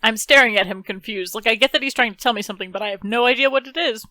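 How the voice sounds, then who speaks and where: A woman's voice: on the high side, very fast, pushed and bright, dry recording. A woman playing a character in a tabletop game, wry, with small laughs. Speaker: player.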